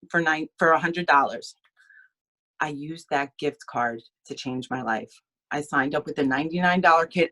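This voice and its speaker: Low-voiced woman, earnest and tearful. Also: a bit bright. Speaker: team member sharing her story. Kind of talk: emotional personal testimony.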